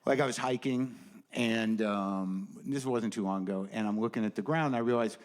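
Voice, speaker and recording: A man's voice: on the low side, normal speed. A man performing a stand-up routine on stage, rambling with sardonic asides and a ranting delivery. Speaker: stand-up comedian. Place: comedy stage before a live audience. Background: faint audience laughter and ambience.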